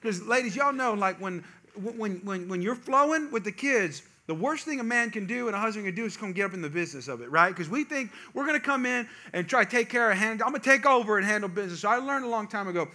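A man telling a humorous family story to a live audience, with chatty asides to the crowd. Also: high-pitched. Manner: animated, jokey asides to the audience; quick, chatty, self-interrupting. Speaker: speaker addressing a live audience.

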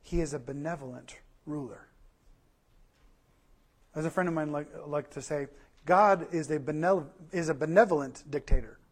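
A man preaches a sermon with a fairly high voice. He drives his points home through repeated lists and rhetorical questions. His delivery is animated and conversational. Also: normal speed, pauses often. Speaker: pastor.

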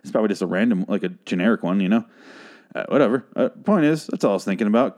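Low-voiced man ranting through a recap. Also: racing, a little mellow. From Phoenix, Arizona, USA. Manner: rambling, sarcastic, swears a lot. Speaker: podcast host. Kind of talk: casual profane TV recap.

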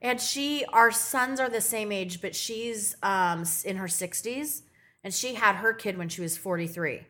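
A young woman co-hosting a casual podcast, candid and quick to swear and laugh. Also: mid-range voice, sharp tone. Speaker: podcast co-host. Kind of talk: casual chat.

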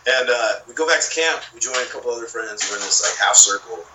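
A man's voice: medium pitch, animated, normal speed, recorded from a distance, background noise. A man telling a long, rambling story in casual chat, with plenty of swearing and filler. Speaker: podcast guest.

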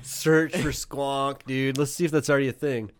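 A man's voice: mid-range voice, little pitch movement, moderate pace, smooth. A man co-hosting a comedy podcast, chatting casually, incredulous and profane, laughing often. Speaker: podcast co-host.

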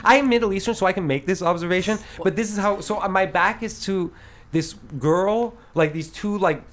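A man's voice: high voice, fairly quick, fairly bright tone. A man in his thirties hosting a casual podcast chat, telling rambling stories broken up by laughs. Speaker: podcast host.

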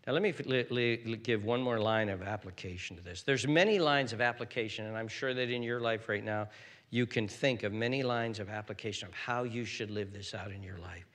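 An older man preaching a sermon as pastor, swinging between hushed, whispered lines and loud, emphatic exhortation. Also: on the low side, fairly quick, long reverb tail.

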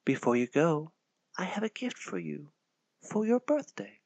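A man voicing a hushed, lilting hooded forest woman. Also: on the high side, big pitch swings, measured pace, no echo. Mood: soothing. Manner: soft, soothing, near-whispered. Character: hooded mysterious forest woman, gentle and protective. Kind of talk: storybook reading.

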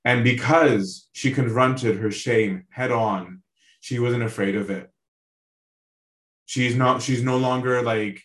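A man preaches as a priest, talking earnestly to his listeners and checking in with them as he goes. His voice sits at an ordinary middle pitch. The recording carries a noticeable roomy echo. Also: takes it slowly. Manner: earnest, asks listeners direct questions; conversational, tags lines with "right?". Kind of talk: sermon on a Bible passage.

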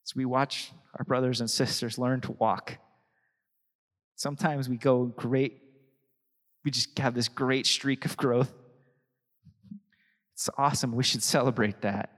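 A man's voice: medium pitch, fairly even intonation, measured pace, long pauses, fairly bright tone, big-room sound. A young adult man preaching a sermon as pastor, chatty and anecdotal, often laughing between thoughts.

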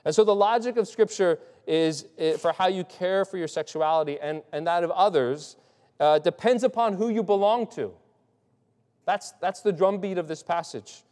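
A male pastor with a high, darkish voice speaks at normal speed in a loose, conversational sermon. He restarts sentences often and checks in by asking "right?". The recording carries long hall reverb.

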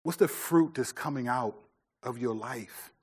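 A man's voice: mid-range voice, measured pace, a little mellow, slightly rough. A middle-aged man preaching a sermon in a loose, conversational way, with many restarts and fillers. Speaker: pastor.

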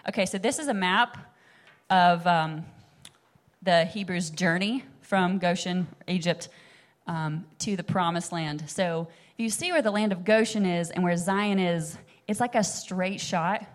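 A woman's voice: fairly low pitch, a little slow. Chatty young woman teaching scripture. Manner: chatty, animated, many fillers like "like" and "um". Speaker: Bible study teacher. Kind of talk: casual sermon-style teaching.

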